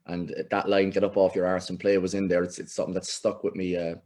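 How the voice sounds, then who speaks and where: Middle-aged irish guy, lowish voice, chatty storyteller doing the voices. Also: fast. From Ireland. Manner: animated anecdotes, acts out quoted voices, laughs often. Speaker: football coach, podcast guest. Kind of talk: casual storytelling interview.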